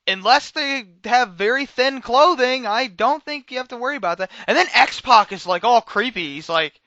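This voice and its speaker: Lively, bright-voiced young man ranting. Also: extremely high pitch, moderate pace, no room sound, lo-fi sound. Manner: ranting, sarcastic, swings loud and quiet. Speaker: wrestling reviewer. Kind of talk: casual video review.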